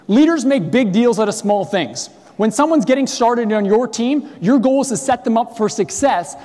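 High-voiced man giving a motivational seminar talk. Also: big-room sound. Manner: energetic storytelling, acts out quoted people. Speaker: business trainer.

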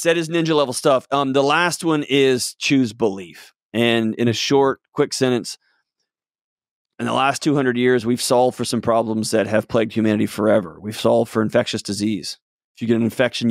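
A middle-aged man talking as a guest expert, telling stories emphatically with sudden jumps up and drops to soft low tones. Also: no echo, clean studio sound. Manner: emphatic, swings between loud excited and soft low tones. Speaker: guest mental health expert. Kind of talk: animated storytelling in conversation.

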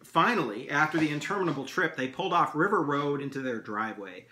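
A man, an English teacher, reading his own novel aloud in steady storytelling narration. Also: fairly high pitch, quick pace, slight background noise. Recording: echoey room.

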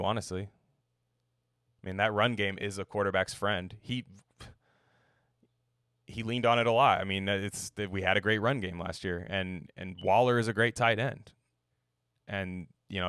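A man's voice: fairly low pitch, fairly bright tone, clean tone, no echo, studio quality. A young man hosting a sports podcast, rambling in a casual, sarcastic way and swearing now and then.

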